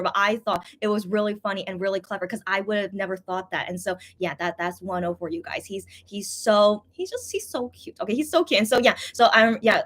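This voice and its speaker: A woman's voice: medium pitch, fairly bright tone. A woman hosting her own channel, gushing through a casual fan story with lots of fillers and restarts. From USA. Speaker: channel host.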